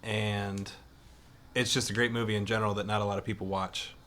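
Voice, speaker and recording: A man chatting on a film podcast with a fairly low voice. He talks earnestly about movies he loves, dropping in casual slang. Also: level tone, a little fast, a bit bright. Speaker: podcast co-host. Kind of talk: casual chat.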